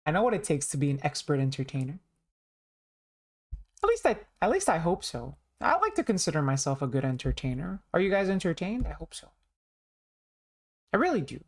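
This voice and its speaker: Chatty low-voiced woman streamer. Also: very animated, a little fast. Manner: chatty, self-deprecating. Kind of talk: casual chat while playing.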